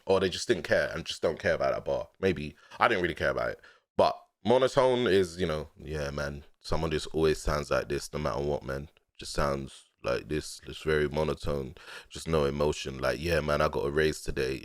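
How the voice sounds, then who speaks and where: A London man with a low voice explains his own rap bars in easy street slang. His pitch swings widely, from low drawls to excited jumps, and he laughs often. The sound is close and dry, with no room in it. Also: fairly quick, dry recording. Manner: laid-back and slangy, laughing often, with sudden excited bursts. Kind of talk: casual reaction breakdown.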